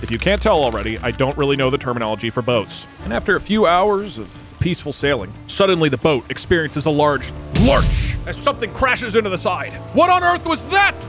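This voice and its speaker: A man in his thirties running a tabletop game as game master, narrating quickly and mocking himself. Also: a little high, very animated, over music.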